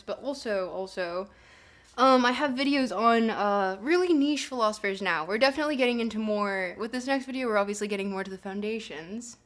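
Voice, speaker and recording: A female streamer with a medium-pitched, fairly bright voice talks casually to her viewers during a livestream. She giggles, rambles, and fills her speech with lots of fillers.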